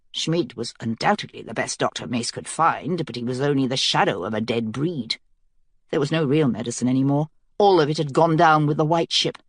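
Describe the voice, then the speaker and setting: A woman narrating a fantasy audiobook in a measured, even storytelling manner. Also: sits low, no echo, studio quality.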